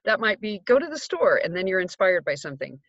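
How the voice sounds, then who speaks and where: A woman's voice: medium pitch, big pitch swings, quick pace, fairly bright tone, dry recording, lo-fi sound. A middle-aged woman telling a casual personal story from her home recording booth, upbeat and chatty with many fillers. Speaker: audiobook narrator and life coach.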